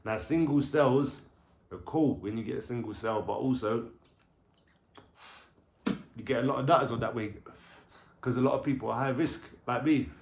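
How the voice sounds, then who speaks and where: A man's voice: medium pitch, normal speed, gravelly, long pauses, a little hiss or hum. A man telling stories casually to camera at home, rambling and slangy, swearing freely. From London. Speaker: vlogger. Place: at home, indoors, with a dog. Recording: echoey room.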